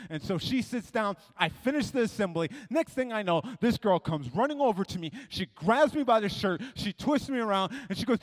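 A man preaching a sermon, telling stories dramatically, dropping to a hush and rising to shouts. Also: sits high, expressive, fairly quick, few pauses. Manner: dramatic storytelling, swings between hushed and shouting. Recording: long hall reverb.

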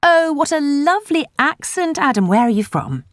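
A woman reads as a chatty village busybody from a storybook, pitched high and bubbling, words swooping up and down as she gushes without a pause. The sound is close and dry, with no room around it. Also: sing-song, no room sound. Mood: nosy. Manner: gushing, breathless chatter. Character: chatty nosy middle-aged village woman. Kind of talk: audiobook character voice.

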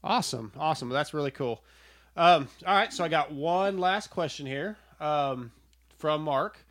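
A man's voice: a little high, moderate pace, fairly bright tone, no echo, studio quality. Chatty man host, stammering restarts. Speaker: podcast host. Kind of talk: casual interview over a call.

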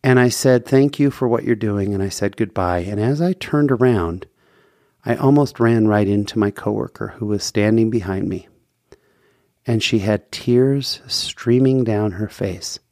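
A man's voice: lowish voice, unhurried, darkish tone, no room sound, studio quality. A man hosting a podcast, telling a personal faith story in an earnest, heartfelt way. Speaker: podcast host.

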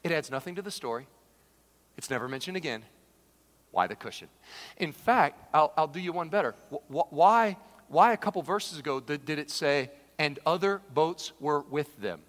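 A man preaching a sermon, who swings from shouted, acted-out quotes down to hushed, slow asides. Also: a little high. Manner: animated preacher, shouts dramatized quotes, then drops to a hush. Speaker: pastor. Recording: long hall reverb.

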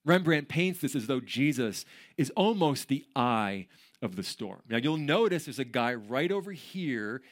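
A male pastor preaching with a lively, sing-song delivery, his pitch rising and falling freely. He talks in a conversational way, cracks jokes and tells animated stories to the room. His voice sits at an ordinary middle pitch for a man. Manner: conversational and joking, with animated storytelling. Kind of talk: sermon.

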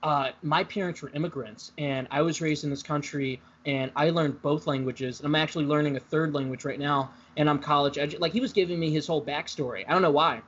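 A man chatting casually, rambling through a story and often laughing, with a slightly high voice. The recording is dull and lo-fi. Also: steady tone, fairly quick, hardly any pauses, fairly bright tone, husky. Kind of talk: casual chat. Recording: dull lo-fi sound.

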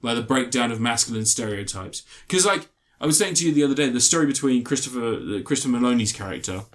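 A man's voice: medium pitch, lively intonation, quick pace. A man co-hosting a casual review chat, rambling with many fillers and restarts. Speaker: podcast co-host reviewing TV.

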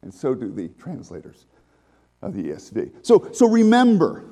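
Male pastor, conversational sermon, mellow tone, lively pitch that rises and falls. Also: normal speed. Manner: conversational, lively preaching with restarts and asides.

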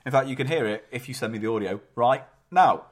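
A man's voice: medium pitch, animated, fast talker. A man co-hosting a casual chat about strange records, amused and blunt. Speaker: radio show co-host.

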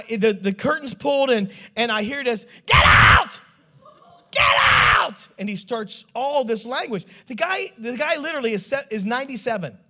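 A middle-aged man preaching a joking, animated sermon story and acting out the voices in it. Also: very high voice.

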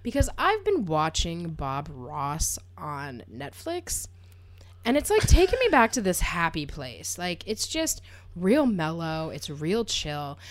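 A woman chatting casually as a podcast co-host, giggly and quick with teasing replies. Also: lowish voice, wildly swooping pitch. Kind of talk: casual chat.

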